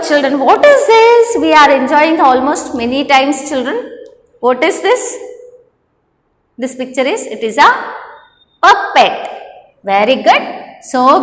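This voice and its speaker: A woman teaching an English class, speaking slowly and explaining step by step. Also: high-pitched, roomy sound, in a large hall. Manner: slow, instructive, repeats "children" often.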